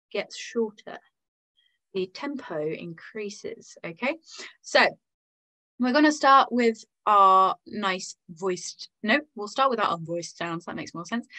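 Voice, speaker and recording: Gentle English woman teaching singing. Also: mid-range voice, rough recording. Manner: gentle, encouraging, demonstrates sounds aloud. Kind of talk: online vocal lesson.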